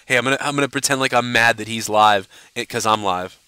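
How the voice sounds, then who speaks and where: A man's voice: mid-range voice, fast talker, pushed and bright, clean tone, dry recording. Brash, profane man ranting on a live stream. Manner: profane, rambling, lots of "you know". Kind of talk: casual live-stream rant.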